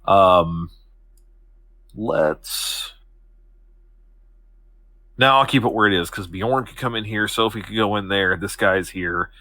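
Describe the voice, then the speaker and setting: A man's voice: lowish voice, slow, pauses often, sharp tone. A man playing in a tabletop role-playing game, talking in a loose, chatty way and laughing along. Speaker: player.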